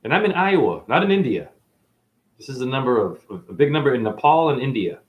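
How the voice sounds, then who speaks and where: A man giving a preachy, boastful spiritual monologue to camera, breaking into sudden loud outbursts. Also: mid-range voice, big pitch swings, fairly quick, phone-quality sound. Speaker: self-styled spiritual teacher.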